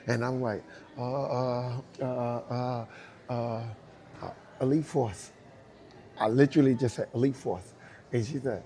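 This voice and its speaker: A middle-aged man, a dancer telling a lively story and acting out the voices of the people in it. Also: mid-range voice, unhurried, long pauses. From Brooklyn, New York. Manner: acts out both sides of dialogue, laughing often. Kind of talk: animated storytelling.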